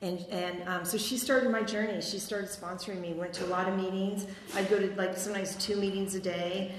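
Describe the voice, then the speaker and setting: A woman's voice: mid-range voice, fairly even intonation, fairly quick. A middle-aged woman gives a personal recovery talk, rambling and chatty, padding her story with fillers and laughing at herself. Her voice sits in the middle of the range and rings around a large, echoey hall. The long reverb comes with a faint hiss of room noise. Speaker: recovery meeting speaker.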